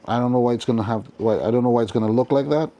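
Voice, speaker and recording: A man's voice: mid-range voice, racing, dark tone. Chatty man reviewing a toy. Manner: chatty, thinking aloud while handling a figure. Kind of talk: casual unboxing review.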